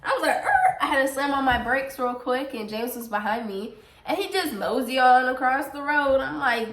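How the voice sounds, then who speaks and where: A woman's voice: sits high, normal speed, a bit bright, echoey room. A young woman chatting casually while answering viewer questions, laughing often and getting emotional. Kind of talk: casual Q&A chat. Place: home.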